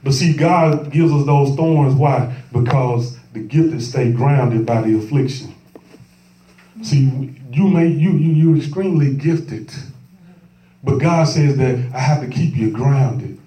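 A man's voice: mid-range voice, slow, mellow. A man preaching a sermon as pastor, emphatic and repetitive, with many restarts. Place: church. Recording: roomy church sound from a distance.

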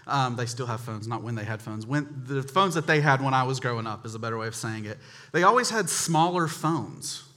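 A man from North Carolina, USA, preaches a humorous sermon, telling chatty stories and addressing the congregation directly. His medium-pitched voice has lively intonation, a brisk pace, and a fairly bright tone.

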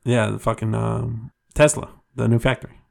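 A man's voice: medium pitch, flat delivery, moderate pace, creaky, darkish tone. A man co-hosting a podcast, laid-back and profane, laughing often in casual chat. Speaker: podcast co-host.

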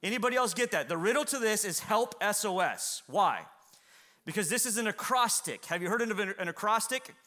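A male pastor delivering a dramatic sermon in a church. His voice sits high and rings bright. He swings between ringing near-shouts and hushed low lines. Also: expressive, fairly quick. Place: church hall with congregation.

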